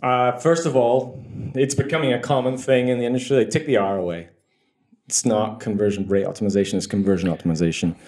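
A man's voice: on the low side, fairly even intonation, fast, darkish tone, reverberant. A man speaking as an interview guest on optimization, blunt and joking, swearing freely in casual chat. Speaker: guest, conversion optimization expert.

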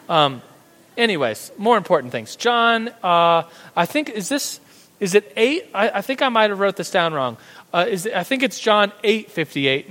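Male church class teacher with a slightly high voice, chatty and informal, tripping over restarts, in a room with a long echo. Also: fairly bright tone. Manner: conversational, restarts often, playful slang. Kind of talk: casual Bible teaching.

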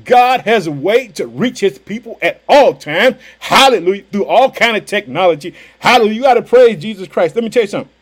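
A man preaching a fervent, energetic podcast sermon in casual street phrasing, often crying out hallelujah. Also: sits high, fairly quick, few pauses. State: pumped up.

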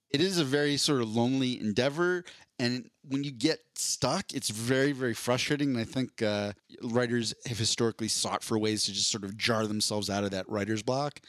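A man co-hosting a comedy podcast, rambling through jokes and slipping into quick impressions. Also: medium pitch, dry recording, clean studio sound. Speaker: podcast co-host. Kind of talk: casual comedic chat.

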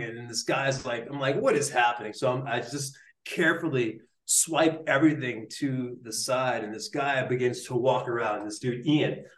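A young man tells a story in a roomy space, his voice swinging up and down a lot. He is loose and slangy, with constant likes and dudes. His pitch sits in the middle. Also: fairly bright tone. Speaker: neuroscientist guest. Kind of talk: casual storytelling in a podcast interview. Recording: roomy echo.

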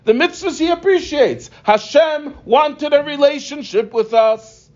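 High-voiced man teaching a text. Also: measured pace, a little mellow. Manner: explanatory, asks and answers rhetorical questions. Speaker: religious teacher. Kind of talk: text-study lesson. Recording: dull lo-fi recording.

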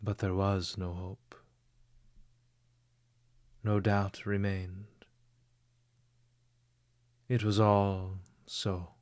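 Male audiobook narrator, measured expressive reading, very slow, dry close sound. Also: sits low, no room sound.

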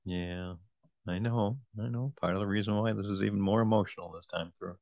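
A podcast co-host reflecting softly in a casual chat. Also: deep voice, fairly even intonation, a little fast, dry recording. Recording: dull lo-fi dry sound.

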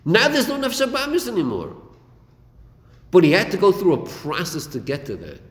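A man's voice: high voice, wildly swooping pitch, fairly quick. A man teaching a Chasidic text class, acting out dialogue and repeating his phrases. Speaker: Torah teacher. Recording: echoey room with long reverb.

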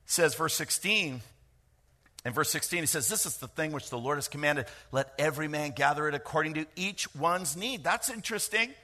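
A middle-aged man preaching a sermon, lively and joking, with quick asides to the congregation. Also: a little high. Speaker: pastor.

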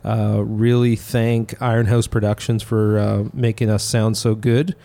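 Mellow-voiced male podcast host. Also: fairly low pitch, level tone, vocal fry. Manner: chatty, halting, many restarts. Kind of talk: casual chat. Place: recording studio in a restored theater.

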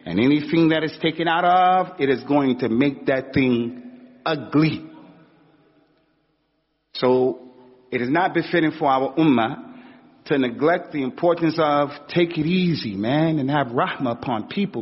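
A man's voice: on the high side, measured pace, breathy edge. A man giving an informal sermon in a conversational, slangy way, acting out little stories as he goes. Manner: conversational, street slang, acts out anecdotes. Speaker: preacher. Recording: dull recording with long hall reverb.

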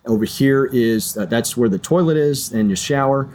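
Brisk, instructive hospital nurse, quoted by a man retelling a story. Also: medium pitch, a little mellow, natural voice. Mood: matter-of-fact. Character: brisk female hospital nurse showing a room.

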